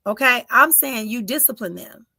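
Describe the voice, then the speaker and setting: A middle-aged woman, hosting a live stream and giving emotive spiritual readings that often drop into soft whispers. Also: a little high, animated, normal speed, gravelly, no room sound, studio quality. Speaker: spiritual medium and podcast host. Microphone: close mic for live streaming.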